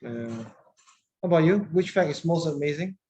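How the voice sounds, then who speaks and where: A woman's voice: sits low, animated, moderate pace, warm tone. A woman, teaching a class in a chatty manner, often repeating words and asking the class questions. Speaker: English teacher.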